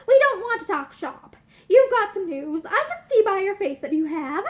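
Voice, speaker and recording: A woman reading aloud and voicing a brisk, frank young woman who speaks dryly, promptly and bluntly. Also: very high voice, sing-song.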